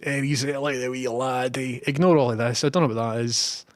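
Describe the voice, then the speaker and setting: A man's voice: mid-range voice, steady tone, brisk, noisy background. A man with a Scottish accent, a live streamer telling a rambling story and reading out viewer messages.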